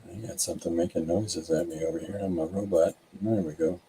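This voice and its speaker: A man with a deep voice and a scratch in it, co-hosting a casual chat while drawing. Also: steady tone, brisk, warm tone, a little hiss or hum, low-quality recording. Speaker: podcast co-host.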